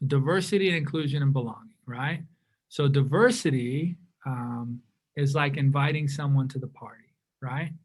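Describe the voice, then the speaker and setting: A man from California leading an interactive diversity workshop, lively and often correcting himself mid-sentence. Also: on the high side. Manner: animated, self-correcting, acts out quoted remarks.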